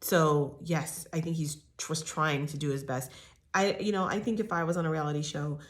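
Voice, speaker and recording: Chatty low-voiced woman recapping gossip. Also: steady tone, moderate pace. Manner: chatty, opinionated, acts out quotes with big voices. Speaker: entertainment news recap host.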